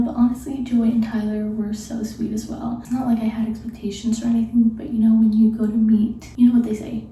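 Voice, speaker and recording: Young woman, late-night storyteller; hushed, giggly, a touch high but flat in tone. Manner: hushed, half-whispered, giggly and gushing. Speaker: vlogger. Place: room at night before bed. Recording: very echoey room, mic far off.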